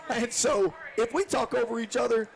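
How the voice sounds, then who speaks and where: A man giving enthusiastic color commentary on a high school football broadcast, animated and quick to talk over the others. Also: gravelly. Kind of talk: casual sports banter.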